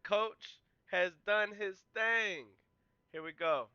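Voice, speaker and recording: A man with a high, very bright, smooth voice hosts a podcast, talking slowly through game film play by play in a relaxed, conversational breakdown. He gets excitable, yelling and cheering at big plays. The recording is close and dry with no echo and a slightly dull, muffled top end.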